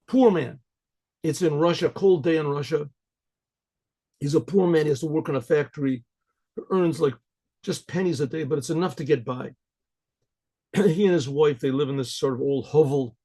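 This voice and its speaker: Rabbi guy rambling through a folk tale, repeats himself, kinda high gravelly voice. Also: moderate pace, long pauses, mellow. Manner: rambling, repeats words, frequent throat-clearing. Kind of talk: storytelling to an audience.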